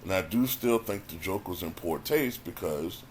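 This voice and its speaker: A man's voice: low-pitched, expressive, moderate pace, slight background noise. A man giving a casual spoken review as a commentator, conversational and repeating words as he thinks. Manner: conversational, repeats words when thinking, frequent "you know what I'm saying". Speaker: YouTube commentator reviewing a stand-up special.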